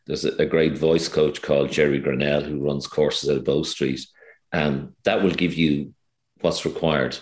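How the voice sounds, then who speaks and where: Very deep-voiced Irish man, roomy sound. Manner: hesitant, many fillers and restarts. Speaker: guest actor. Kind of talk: casual interview chat.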